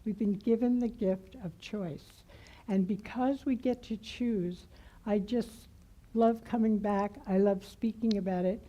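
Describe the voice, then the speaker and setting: Woman guest minister, unhurried heartfelt sermon, very dark mellow tone. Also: mid-range voice, steady tone, dull audio. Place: church sanctuary.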